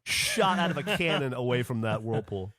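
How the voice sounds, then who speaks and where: Animated storytelling podcast host. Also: male voice, mid-range voice, normal speed. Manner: animated storytelling, lots of fillers. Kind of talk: casual chat.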